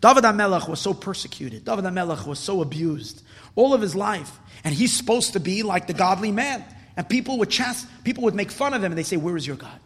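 A high-pitched man gives a Hasidic Torah lecture, pronouncing his with an inflection. He swings from hushed, low reflection to loud, insistent preaching and doubles his words for emphasis. His voice carries a long reverb, as if in a large hall. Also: animated, a little fast, husky. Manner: builds from low, quiet musing to loud, emphatic exhortation; repeats words for stress. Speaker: rabbi teaching Torah.

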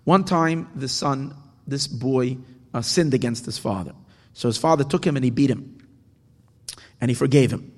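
A man reading and explaining a parable, halting often and restarting his words. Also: medium pitch, darkish tone. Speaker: teacher. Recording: echoey hall with long reverb.

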